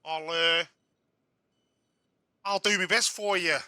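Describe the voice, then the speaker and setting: A man's voice: high-pitched, fairly even intonation, takes it slowly, sharp tone, clear, resonant tone, dry recording, clean studio sound, voice pushed up, exaggerated voice. A man voicing a cheery young male Australian racing driver in a mock Australian accent, chirpy and full of yeah nah and mate.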